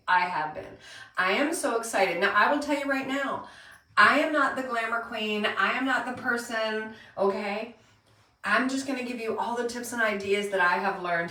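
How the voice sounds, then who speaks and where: A woman's voice: a little high, normal speed, sharp tone. Woman, chatty live makeup tutorial host, a bit distant from the mic, echoey room. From Pennsylvania. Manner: chatty, greets viewers by name. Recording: roomy echo, voice a bit far from mic.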